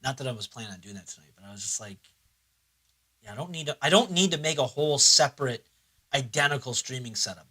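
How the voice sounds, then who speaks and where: A man's voice: on the high side, expressive, fast, bright, forceful tone. A young man chatting casually on a livestream, rambling and swearing, sometimes talking himself through his computer setup. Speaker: streamer.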